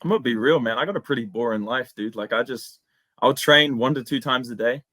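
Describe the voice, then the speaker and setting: A man's voice: mid-range voice, brisk, bright, forceful tone, dry recording. Laid-back young Australian guy. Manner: laid-back, slangy, says "man" and "bro" a lot. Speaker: guest, MMA YouTuber. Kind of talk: casual interview chat.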